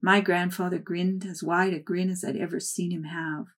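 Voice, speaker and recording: A woman with a somewhat low voice reads a first-person memoir aloud. Her storytelling is soft and measured. The narration is unhurried. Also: level tone.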